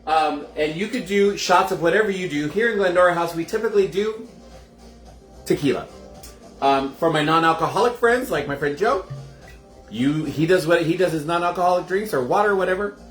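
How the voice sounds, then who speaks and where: A man's voice: on the high side, a little fast, fairly bright tone, faint music behind. A man hosting a casual home cocktail show, chatting straight to his viewers. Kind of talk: casual live cocktail demo. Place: indoors at home. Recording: roomy echoey room.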